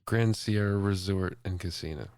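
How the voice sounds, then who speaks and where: Podcast co-host, man, very low voice, dry close mic, brief deadpan replies. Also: normal speed, no echo. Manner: short dry reactions and questions. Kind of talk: casual chat.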